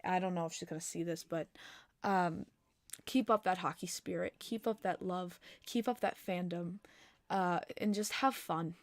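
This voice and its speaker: A young woman hosting a casual hockey podcast livestream, chatty and full of "like", breaking into loud disbelief at times, on a desk mic at home. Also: on the low side, steady tone, normal speed, no room sound. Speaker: podcast host. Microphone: desk mic, adjusting gain.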